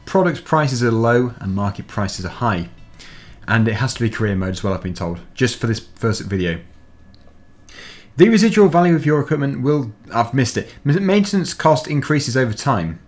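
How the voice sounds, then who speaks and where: Man, gameplay host, casual chatty commentary, mid-pitched voice, explains each step. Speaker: gaming video host.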